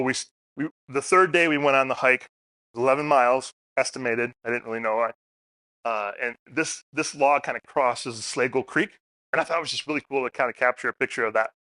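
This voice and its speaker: A middle-aged man with a mid-range, sharp-toned voice speaks at a community forum in a meeting room, casually telling stories and asking the audience questions. The recording is studio quality with no echo.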